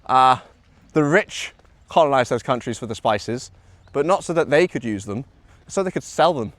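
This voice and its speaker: Young scouse guy streaming, rambly with lots of ums and "bro", mid-pitched, dry close sound. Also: animated, moderate pace, no echo. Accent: Liverpool. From Liverpool, England. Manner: chatty, rambling, with many ums and "bro" and "man". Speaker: IRL livestreamer. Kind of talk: casual live-stream chat reading chat aloud. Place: outdoors in Osaka, early morning.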